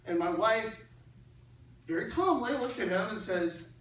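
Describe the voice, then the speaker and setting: A middle-aged man giving a persuasive lecture in an animated, conversational way, repeating key phrases for emphasis. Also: high-pitched, measured pace, pauses often, a little hiss or hum. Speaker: speaker. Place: large hall in a church building. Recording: very echoey hall from far off.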